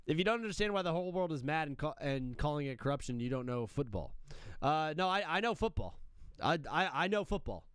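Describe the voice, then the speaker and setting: Brash high-voiced young male streamer. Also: animated, quick pace, a bit bright, clear, resonant tone, no room sound. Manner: brash, joking, fired-up patriotic banter. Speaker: live-stream sports show host. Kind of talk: casual live-stream chat.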